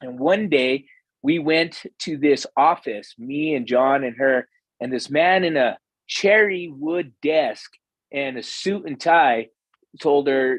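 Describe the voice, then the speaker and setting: An American real estate investor appears as a podcast guest, telling earnest personal stories in a reflective, conversational way with some fillers. His voice is a little high and he takes his time. The rough recording has no echo.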